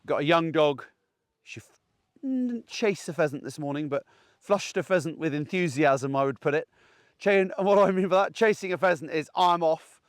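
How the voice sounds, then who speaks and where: A man's voice: a little high, animated, normal speed, no room sound, clean studio sound. A man, a gundog trainer, giving plain-spoken, chatty training advice outdoors in a field. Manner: chatty, plain-spoken, keeps checking in with "okay?".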